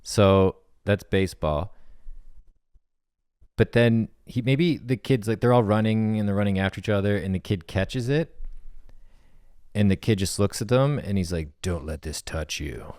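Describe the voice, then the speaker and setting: A man co-hosting a comedy podcast, improvising a silly scene with a partner in an animated way. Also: lowish voice, smooth, no room sound, studio quality. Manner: animated, jumps into quick silly character voices.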